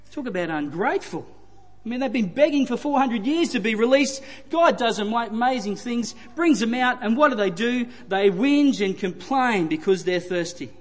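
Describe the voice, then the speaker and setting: A high-voiced man delivers a sermon, leaning on repetition for emphasis. His voice carries a long hall reverb around it. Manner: retelling scripture with emphatic repetition. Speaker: preacher.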